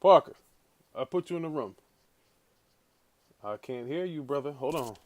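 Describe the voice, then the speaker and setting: Animated man hosting a livestream. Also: a little high, normal speed, slight background noise. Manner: animated, swearing, talks to chat viewers. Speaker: livestream host. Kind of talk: casual livestream talk.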